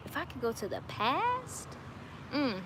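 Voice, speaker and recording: A woman in her late twenties hosting a casual livestream from home, answering viewer questions in an earnest, reflective way with frequent soft laughs. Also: high-pitched, wildly swooping pitch, unhurried, noisy background. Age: late 20s.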